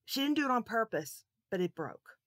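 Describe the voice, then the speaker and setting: A woman telling a Bible story to children, expressive and asking her listeners questions. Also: on the high side, moderate pace, no room sound, clean studio sound.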